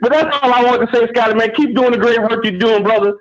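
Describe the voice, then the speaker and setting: Brief: male caller, very high voice, relaxed teasing delivery, muffled phone line. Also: quick pace. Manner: laid-back, teasing, repeats "you know what I'm saying". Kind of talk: casual call-in chat.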